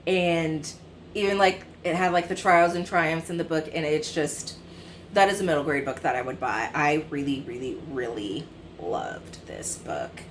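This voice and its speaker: Chatty lower-voiced woman in her twenties. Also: normal speed, slight background noise. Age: 20s. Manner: chatty and rambling, with many fillers and self-corrections. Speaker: book vlogger. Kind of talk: casual book review chat.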